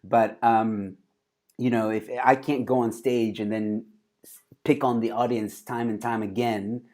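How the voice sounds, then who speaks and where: A man's voice: on the low side, fairly even intonation, measured pace, a little mellow. A man hosting a casual interview over a video call, talking with many fillers and restarts. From South Africa. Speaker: host.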